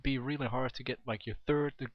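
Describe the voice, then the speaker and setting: Through a dull, dry home microphone, a young game commentator calls a video game match in amateur esports style. His medium-pitched voice is steady and brisk as he chats, rambles, and corrects himself often.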